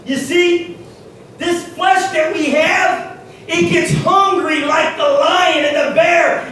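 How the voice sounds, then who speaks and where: A man preaching a sermon, shouting his points with many "uh" fillers and then dropping to quiet asides. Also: very high voice, fairly even intonation, takes it slowly. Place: church hall. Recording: echoey hall picked up from far off, faint hiss.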